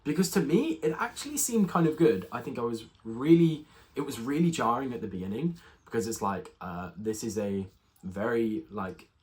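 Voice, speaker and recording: A man's voice: mid-range voice, animated, normal speed, darkish tone. A young man giving a casual spoken film review, rambling with many fillers and restarts. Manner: rambling, full of ums and restarts.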